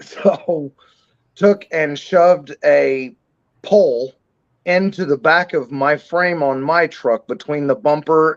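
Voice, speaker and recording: A man's voice: fairly high pitch, no room sound. Man on dull, dry lo-fi audio. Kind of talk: casual chat.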